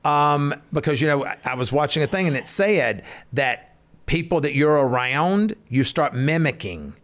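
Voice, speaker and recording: Here a man co-hosting a casual podcast trades stories at a normal speed, his voice a little high. He gets animated, even hollering, when he's telling a story.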